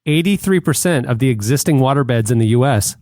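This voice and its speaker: A man co-hosting a podcast who tells stories in a deadpan way in casual banter. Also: medium pitch, quick pace. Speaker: podcast co-host.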